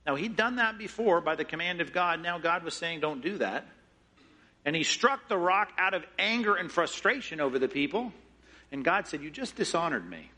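A man preaching a sermon, acting out quoted prayers and lines from scripture with lively shifts in voice. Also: normal speed. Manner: expressive, acts out scripture quotes with shifting pitch and pace. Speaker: pastor.

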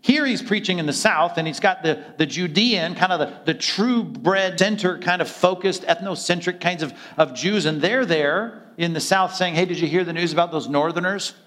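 A man's voice: on the high side, a bit bright. A male pastor preaching a conversational sermon, often acting out quoted dialogue in other voices.

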